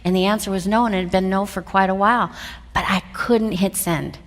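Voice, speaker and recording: A woman telling a personal story to an audience, lively and acting out the voices of others. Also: medium pitch, a little fast. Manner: lively storytelling, acts out voices, laughs often. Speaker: speaker telling her career story. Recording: long hall reverb.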